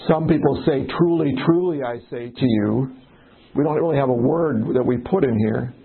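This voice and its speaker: A man's voice: medium pitch, moderate pace, vocal fry, crowd noise. A man leading a casual Bible study, talking in a conversational way and putting questions to the group. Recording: tinny phone-like recording.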